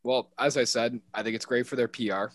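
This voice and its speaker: A man co-hosting a casual football podcast, rambling and animated with frequent restarts. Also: mid-range voice, brisk, no room sound. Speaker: podcast co-host. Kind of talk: casual sports podcast chat.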